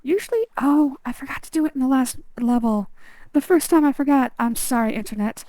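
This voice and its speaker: A woman's voice: sits high, animated, fairly quick, dark tone, no echo, low-quality recording. A woman streamer chatting casually and rambling over gameplay, self-deprecating. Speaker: game streamer.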